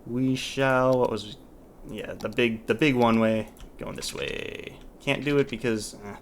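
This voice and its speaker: A man in a mid-pitched voice talks through his city-building game, thinking aloud and breaking off mid-sentence. He sounds casually exasperated at times. Faint keyboard typing sits under his voice. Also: fairly even intonation, measured pace, a little hiss or hum. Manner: thinks aloud, restarts and trails off, mildly exasperated. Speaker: let's play host. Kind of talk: casual gameplay commentary.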